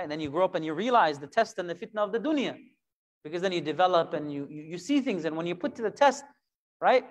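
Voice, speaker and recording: A man teaching a Quran lesson, animated and full of rhetorical questions, now and then acting out imagined voices. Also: high voice, fast talker.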